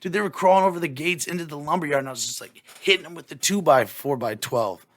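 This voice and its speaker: A man's voice: fairly high pitch, fast, fairly bright tone, no echo. A young man hosting a solo podcast, rambling through profane, jokey stories in casual chat. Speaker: podcast host.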